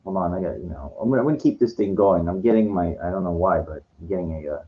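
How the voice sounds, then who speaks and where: A man's voice: low-pitched, animated, fast. Condescending man ranting, lo-fi sound. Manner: condescending, lecturing, stumbling restarts. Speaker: vlogger answering viewer comments. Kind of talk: ranting monologue to camera. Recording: dull lo-fi sound.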